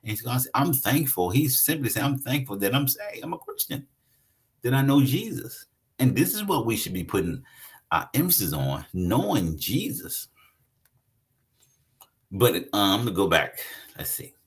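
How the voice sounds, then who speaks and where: A man preaching a sermon in a conversational way, reading scripture aloud and explaining it to his congregation. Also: moderate pace. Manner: conversational preaching with lively swings in pitch. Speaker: pastor.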